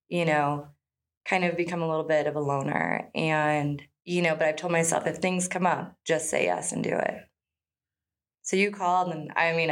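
Hesitant, low-voiced woman in her thirties. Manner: candid and hesitant, full of pauses and "you know". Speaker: podcast guest. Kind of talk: casual interview chat.

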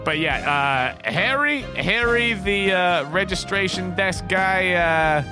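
A man's voice: high voice, animated, slow, music in the background. A man hosting a podcast and running a tabletop game as game master, in a casual, laughing way full of fillers.

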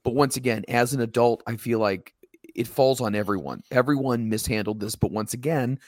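A man's voice: mid-range voice, fairly quick, no room sound. Middle-aged man, probing wrestling podcast co-host, mid-range voice, dry close recording. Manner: probing, questioning, builds arguments. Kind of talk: casual wrestling chat.

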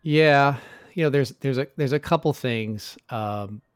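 A man's voice: mid-range voice, measured pace, clean tone, no room sound, clean studio sound. A middle-aged man speaking as a guest in a casual interview, telling his story in an earnest, reflective way. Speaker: podcast guest.

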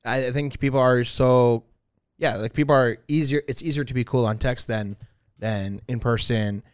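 Relaxed male podcast co-host, casual and a bit profane, mid pitch, dry studio sound. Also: normal speed, smooth, no room sound. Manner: easygoing, laughs often, swears casually. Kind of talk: casual chat.

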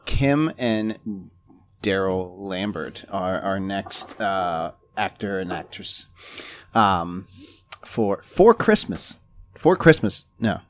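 Man, lowish voice, relaxed, unhurried whiskey tasting talk. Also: a little hiss or hum. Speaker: podcast co-host. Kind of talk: casual whiskey-tasting chat.

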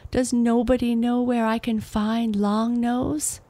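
A woman's voice: a little high, flat delivery, slow, dark tone, voice pushed up. A woman voicing an earnest, eager young heroine in a storybook reading. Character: brave, pleading young heroine girl.

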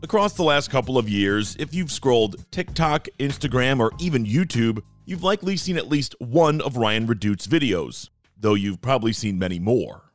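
A man hosting a radio interview, talking quickly and conversationally. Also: mid-range voice, expressive, faint music behind. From Michigan. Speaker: radio host. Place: radio studio.

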